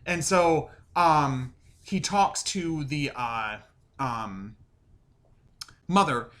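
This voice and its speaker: A man reviewing and recapping a TV episode in a casual, rambling way, full of fillers and animated retellings. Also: fairly high pitch, extremely slow. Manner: chatty, rambling with many "like" and "um" fillers; animated, acts out quoted lines. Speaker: show reviewer.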